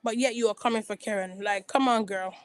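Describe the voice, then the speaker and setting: A woman's voice: medium pitch, fairly even intonation, fairly quick, clear, resonant tone, low-quality recording. A woman giving a rambling, gossipy recap of a reality TV show in a casual chat. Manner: rambling, gossipy, frequent restarts. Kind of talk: casual chatty commentary.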